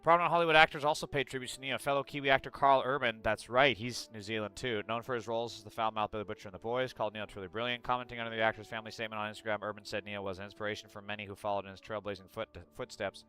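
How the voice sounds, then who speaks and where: A man's voice: on the low side, little pitch movement, racing, hardly any pauses, pushed and bright. A male streamer chatting casually and bluntly on a livestream, swearing freely and reacting aloud as he reads news.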